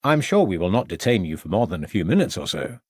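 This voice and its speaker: Brief: narrator playing a formal, courteous detective inspector, lowish voice, crime audiobook. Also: male voice, big pitch swings, fast talker, a little mellow, husky, dry recording, studio quality, full character voice. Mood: polite. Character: polite, calculating male police inspector.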